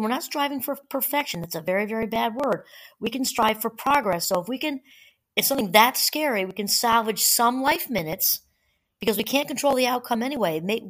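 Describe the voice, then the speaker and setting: A woman hosting a solo talk, speaking gently and conversationally, reading quotes aloud now and then. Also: fairly high pitch, animated, brisk. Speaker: podcast host. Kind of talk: reflective solo talk on fear and mindfulness.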